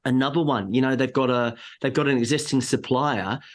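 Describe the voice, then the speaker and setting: Emphatic sales trainer. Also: male voice, medium pitch, a little fast. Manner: emphatic, animated coaching with acted-out buyer quotes. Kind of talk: podcast interview.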